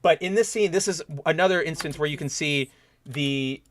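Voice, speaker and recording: A man hosting a casual review show, animated and profane, acting out scenes in mock voices. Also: fairly high pitch, normal speed. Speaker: podcast host.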